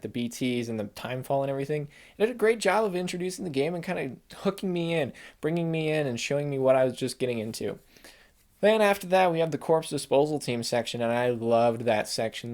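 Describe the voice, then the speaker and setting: A man's voice: medium pitch, a little mellow. A young adult man in a casual chat, rambling with enthusiasm and acting out quoted lines in put-on voices. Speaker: game reviewer.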